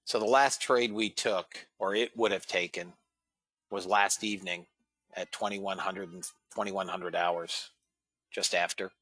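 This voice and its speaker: A man with a low voice and a bright, forceful edge, hosting a live trading room. He talks casually to the viewers as guys and fellas and reads out trade figures. The sound is dry and close. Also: fairly even intonation, a little slow, dry recording.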